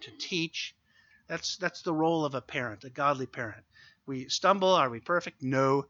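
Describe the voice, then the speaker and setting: Earnest preaching man, bright voice. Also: on the high side, no echo, lo-fi sound. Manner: earnest, exhorting, slows down for emphasis. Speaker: pastor. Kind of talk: sermon.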